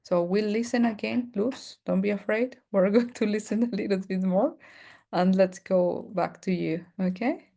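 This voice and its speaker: A woman whose first language is Spanish, teaching an online English pronunciation class, repeating words slowly and laughing often. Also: mid-range voice, gravelly, mellow. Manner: slow, drawn-out drilling of words, laughs often.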